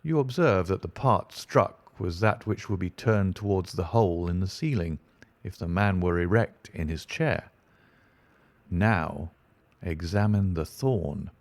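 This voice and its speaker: A man voicing a cool, analytical detective in an audiobook, speaking in a measured, dry, lecturing way. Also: low voice, a little mellow, no echo. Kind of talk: audiobook reading.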